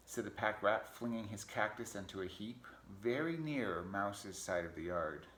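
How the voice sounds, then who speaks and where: A man reading a picture book aloud to children, relaxed and chatty, pausing to talk about the pictures. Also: fairly low pitch, slight background noise. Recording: echoey room.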